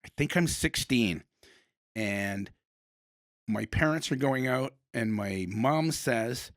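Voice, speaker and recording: A man's voice: mid-range voice, expressive, slow pace, dry recording, clean studio sound. A middle-aged man hosting a podcast, rambling and telling stories in a casual, self-interrupting way. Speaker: podcast host.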